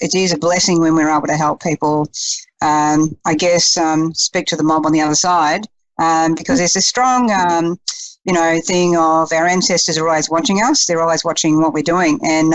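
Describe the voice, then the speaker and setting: A woman's voice: low-pitched, no echo, poor audio. Chatty psychic woman. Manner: chatty, laughing, many fillers. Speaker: psychic medium. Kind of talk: radio talk show chat.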